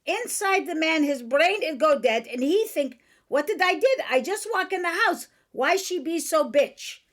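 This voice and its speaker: A woman's voice: high-pitched, expressive, moderate pace. A woman doing her blunt immigrant mother. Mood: animated. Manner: broken English, emphatic. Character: blunt older immigrant mother giving advice.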